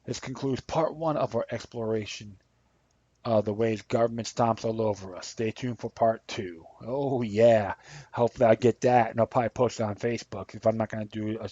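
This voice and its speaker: A man's voice: lowish voice, a little fast, a little mellow, breathy edge, no room sound. Ranting male podcast host, dull sound. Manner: rambling and impassioned, reads articles aloud. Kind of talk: ranting political commentary. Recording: dull lo-fi dry recording.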